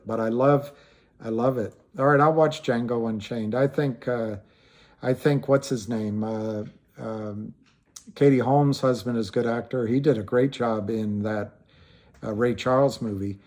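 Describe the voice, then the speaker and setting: A man's voice: mid-range voice, a little slow, darkish tone. A man hosting a casual livestream, rambling with frequent restarts and trailing thoughts, and greeting viewers by name as he answers them. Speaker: livestream host.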